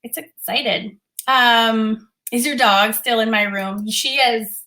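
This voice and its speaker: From her home studio, a young adult woman teaches art on a casual livestream, chatting with viewers and reading their comments. Her voice is a little high, bright and pushed, and she speaks slowly.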